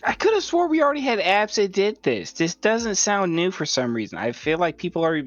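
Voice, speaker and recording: A man's voice: high-pitched, big pitch swings, a little fast, no room sound. A man co-hosting a casual podcast chat, wry and rambling, with mild swearing. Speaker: podcast co-host. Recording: slightly dull lo-fi sound with faint music.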